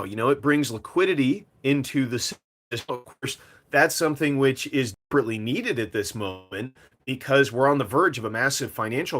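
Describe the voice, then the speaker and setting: A man talks straight to his audience as host of a commentary video, at an ordinary middle pitch. His delivery is loose and conversational, full of filler words. It sounds like off-the-cuff commentary rather than a script. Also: a bit bright. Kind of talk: casual commentary monologue.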